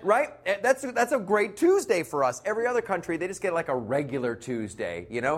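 Animated stand-up comic man, high lively voice. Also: brisk, hardly any pauses. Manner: animated, mocking impressions. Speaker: stand-up comedian. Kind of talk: stand-up comedy set.

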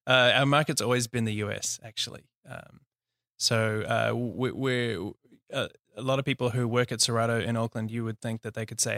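A man with a New Zealand accent speaks in a gravelly, flat tone, telling his story with plenty of ums and easy laughs. The sound is close and dry, with no room around it. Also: medium pitch, brisk, no room sound. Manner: relaxed, laughs easily, many fillers. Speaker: company founder, guest. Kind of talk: casual interview.

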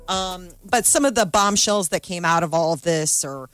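A woman's voice: fairly low pitch, normal speed, dry recording, soft background music. A woman co-hosting a radio morning show, chatting about celebrity news and acting out quotes. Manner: chatty, animated, acts out quotes. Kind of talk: casual entertainment chat.

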